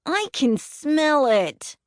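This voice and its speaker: A woman's voice: high voice, sing-song, very slow, no echo, clean studio sound, voice pushed up, exaggerated voice. A woman voicing an upset six-year-old boy who blurts out his lines through tears. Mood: disgusted. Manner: blurting, tearful.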